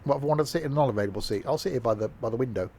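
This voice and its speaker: A man's voice: mid-range voice, rapid-fire, vocal fry, a little mellow. A man streaming a train simulator, talking in casual, rambling commentary full of fillers and self-mocking asides, from a home setup.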